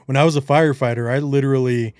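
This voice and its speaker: A man co-hosts a casual podcast chat with a clear, radio-style voice. He sounds easygoing and agreeable, and his voice is recorded dry and close, with little room sound. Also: mid-range voice, fairly even intonation, quick pace, a little mellow, no room sound. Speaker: podcast co-host.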